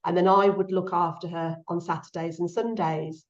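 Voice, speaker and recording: In an echoey, slightly dull recording, a middle-aged woman appears as a guest author in a relaxed interview. Her voice sits on the low side, fairly even and moderately paced, soft-spoken and heartfelt, rising whenever she quotes someone.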